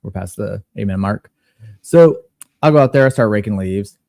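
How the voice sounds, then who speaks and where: A man on a podcast panel telling a personal story in a casual, animated and profane way. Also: on the low side, normal speed, vocal fry, no room sound, studio quality.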